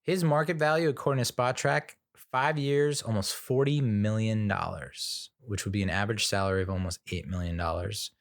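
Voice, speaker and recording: A man's voice: lowish voice, normal speed, gravelly, hardly any pauses, dry recording, clean studio sound. A man hosting a sports podcast, talking frankly in a casual, rambling monologue with frequent fillers and restarts.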